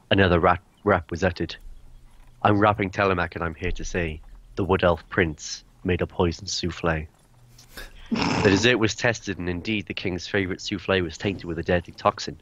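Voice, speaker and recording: A man's voice: low-pitched, fairly bright tone, dry recording. A man reading a character backstory aloud at a tabletop game, often close to laughing. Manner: reads aloud, breaking into laughter. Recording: dull lo-fi sound, dry.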